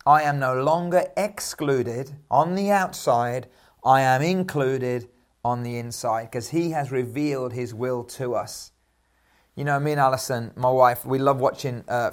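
Pastor preaching a sermon. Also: male voice, fairly high pitch. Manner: warm anecdotal preaching with repeated affirmations.

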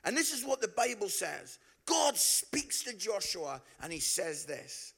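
Bright-voiced Scottish preacher man. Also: high-pitched, sing-song, a little slow, vocal fry, few pauses, breathy edge. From Scotland. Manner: chatty, with frequent "yeah?" tags and asides. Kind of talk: humorous storytelling sermon.

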